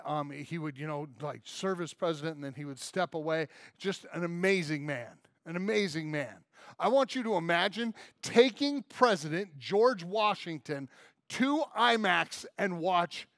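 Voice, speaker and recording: A man preaching a sermon as pastor, telling stories in an animated way and acting out the voices of puzzled listeners. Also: fairly high pitch, no room sound, clean studio sound.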